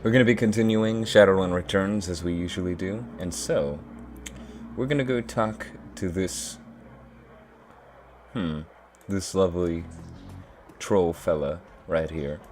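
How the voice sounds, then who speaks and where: Chill low-voiced guy doing a let's play, reads the game text out, chatty. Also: a little slow, long pauses, a little mellow, soft background music. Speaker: gaming video host. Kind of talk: casual let's play commentary and reading.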